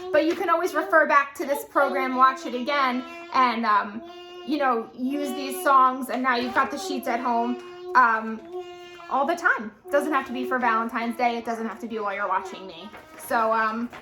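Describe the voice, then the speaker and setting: A young adult woman, a children's librarian, reading a picture book aloud and leading lap-bounce songs in a sing-song, animated storytime voice. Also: high voice, normal speed, over music. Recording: echoey room with faint noise.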